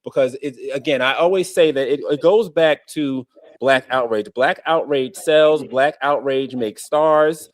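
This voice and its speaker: A man's voice: medium pitch, measured pace. Emphatic man hosting a podcast. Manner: emphatic, repeats phrases, trails off with "whatever". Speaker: podcast host. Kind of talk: casual podcast commentary.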